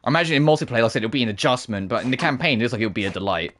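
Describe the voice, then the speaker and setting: A man's voice: mid-range voice, lively intonation, rapid-fire, a bit bright. Male streamer, casual profane gameplay commentary, ranty and laughing. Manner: profane, ranting, laughs often.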